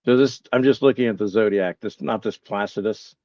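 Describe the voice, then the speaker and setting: A man's voice: on the low side, brisk, a little mellow, no echo, lo-fi sound. A man hosting a casual live stream, musing aloud, reading chat replies and poking fun at his own confusion. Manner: bemused, self-mocking. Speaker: livestream host.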